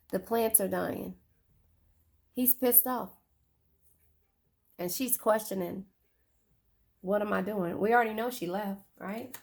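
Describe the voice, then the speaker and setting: A woman's voice: medium pitch, vocal fry. A woman giving a casual tarot reading, chatty and swearing, often repeating her phrases. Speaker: tarot reader.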